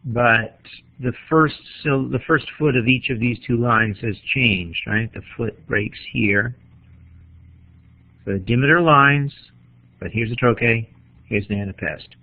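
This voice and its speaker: A man gives a measured literature lecture, explaining step by step and pausing to collect his thoughts. His voice sits at an ordinary middle pitch. The recording is thin and tinny, like a phone line. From New England. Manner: measured, explanatory, pauses to think. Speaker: literature teacher.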